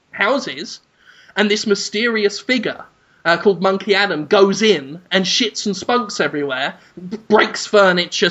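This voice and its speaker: A man hosting a podcast, crude and rambling in deadpan comedic storytelling. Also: sits high, lo-fi sound. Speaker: podcast host.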